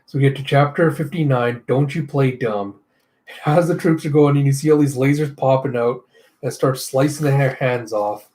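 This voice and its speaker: A man's voice: mid-range voice, normal speed, darkish tone. A man narrating a comic readthrough in a casual, chatty way, voicing sound effects as he goes.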